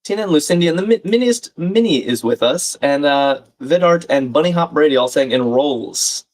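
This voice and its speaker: A man's voice: on the high side, lively intonation, moderate pace. Casual man hosting a live crossword stream. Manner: reads out viewer comments, thinks aloud casually. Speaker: livestream crossword host. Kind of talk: live puzzle-solving chat.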